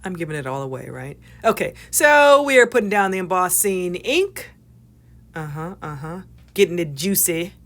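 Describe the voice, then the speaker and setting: A bubbly woman talks through a craft project in a chatty, excitable way. Her voice sits a little low for a woman, and she slips into a soft whisper for quick apologies and asides. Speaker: craft tutorial host. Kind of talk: casual crafting demonstration.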